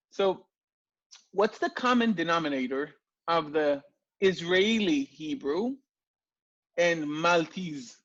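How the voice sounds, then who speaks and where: A man teaching an online class, explaining slowly and checking in with the students often. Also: fairly high pitch, fairly bright tone. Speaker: language teacher. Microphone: video call. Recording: dull lo-fi video call audio.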